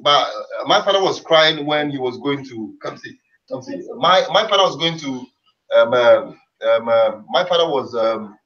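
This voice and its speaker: A man's voice: medium pitch, lively intonation, moderate pace, fairly bright tone. Rambling middle-aged man, dull lo-fi sound. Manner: earnest, rambling, many fillers and restarts. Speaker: boxer's father and trainer. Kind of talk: casual interview talk.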